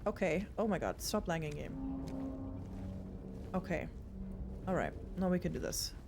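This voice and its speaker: A woman's voice: fairly low pitch, lively intonation, a little slow, over music. A young woman streaming a horror game, chatting casually with her viewers and swearing often. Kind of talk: casual live gameplay chat.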